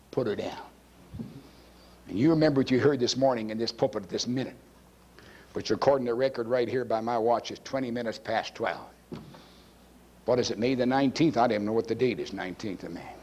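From a church pulpit, a male pastor gives a forceful, emphatic teaching sermon, his pitch swinging widely. He talks fairly quickly, pauses often, and frequently clears his throat.

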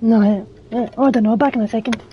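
A woman's voice: a little high, steady tone, fast, highs cut off, slight background noise. A woman streaming a game, talking to herself casually and swearing often at what happens on screen. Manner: swears a lot, startled exclamations. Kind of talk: casual gameplay commentary.

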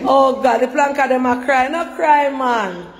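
A woman's voice: high-pitched, a little slow. A Jamaican woman hosting an emotional live chat, fighting tears and praising God as she talks to her viewers. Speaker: live-stream host. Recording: long reverb, loud crowd behind.

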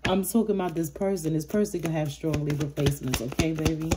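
A woman's voice: low-pitched, a little fast, noisy background. A woman giving a casual, chatty tarot reading to camera, cursing freely and breaking into sassy outbursts. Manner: chatty, profane, street slang, rising to sassy outbursts. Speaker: tarot reader.

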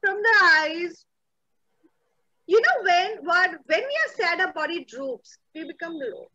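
A woman's voice: extremely high pitch, expressive, measured pace, pushed and bright, dull audio. A young woman leading an online children's drama class over a video call, playful and coaxing, using endearments. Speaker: theatre workshop instructor.

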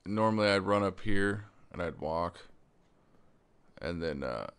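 A man's voice: low-pitched, lively intonation, a little slow, a bit bright, smooth. A man giving casual commentary over his own game, rambling with lots of fillers, restarts and the odd stutter, and swearing when surprised. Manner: stutters while explaining. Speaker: let's play gamer.

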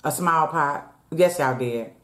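A woman's voice: low voice, slow, fairly bright tone. A woman vlogger at home, chatting casually with her viewers while she eats. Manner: chatty, talks straight to viewers as "y'all", eats between words. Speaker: mukbang vlogger. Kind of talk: casual chat while eating. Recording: echoey room.

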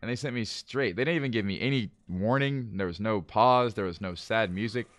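A man chatting casually with viewers while live-streaming a game, calmly planning moves, then breaking into exasperated outbursts. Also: fairly low pitch, fairly quick, dry recording. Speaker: livestreamer playing a management game. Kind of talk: casual live gameplay commentary.

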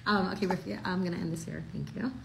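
Fast-talking chatty young woman teacher. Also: on the low side, vocal fry, reverberant, slight background noise, rough recording. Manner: chatty, animated, peppered with "like". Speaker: class teacher. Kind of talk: casual Torah class.

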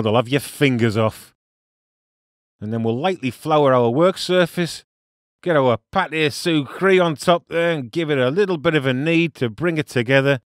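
A man with a broad Teesside accent talks through a recipe in a relaxed, jokey way. He peppers his steps with local slang and mangled French. His voice sits at a middling pitch and sounds dry and close to the mic. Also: no room sound. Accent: Teesside English. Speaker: cooking show host. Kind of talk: casual cooking demonstration.

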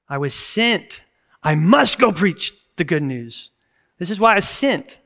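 A man's voice: high-pitched, expressive, a little slow, a bit bright. A man in his thirties, a pastor preaching a sermon in a conversational, earnest way, breaking into sudden bursts of emphasis. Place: church service recording.

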